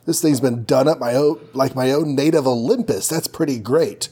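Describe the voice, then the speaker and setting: A man's voice: mid-range voice, normal speed, warm tone, breathy edge. A man doing a casual, laid-back hero. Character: laid-back adult male hero, friendly.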